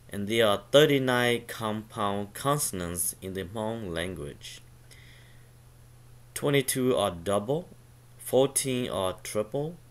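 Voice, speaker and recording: A man teaching a pronunciation lesson, slowly sounding out syllables one at a time and repeating them. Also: fairly low pitch, fairly bright tone. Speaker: language teacher.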